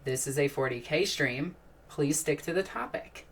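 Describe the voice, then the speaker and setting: A woman's voice: low voice, moderate pace, far from the mic. A woman hosting a casual live stream, chatting and answering questions from chat in a rambling, enthusiastic way, with frequent sighs and restarts.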